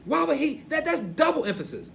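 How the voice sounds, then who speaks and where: An older man with a gray beard teaching a Torah portion, emphatic and preachy, dropping to a hush and then rising loud. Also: very high-pitched, big pitch swings, a little fast, creaky, slight background noise.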